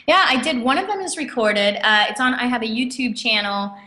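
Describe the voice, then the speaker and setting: An author and speaker, a woman with a fairly high voice, tells stories as a guest in a casual interview recorded in an echoey room. She is animated and quick, using many fillers and acting out quotes.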